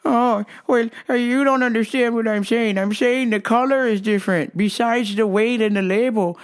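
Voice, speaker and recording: A woman putting on the voice of an odd older male store customer who talks insistently and breaks into high tittering giggles. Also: steady tone, normal speed, natural voice. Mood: insistent, giggly. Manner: high-pitched, repeats himself, tittering giggles.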